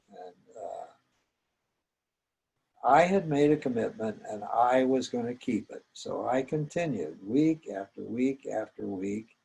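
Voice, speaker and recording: Older man, husky gravelly voice, gentle reflective storytelling, halting pauses. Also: mid-range voice, low-quality recording. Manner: reflective, gentle, with small hesitations. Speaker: psychologist recounting his training. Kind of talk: personal storytelling.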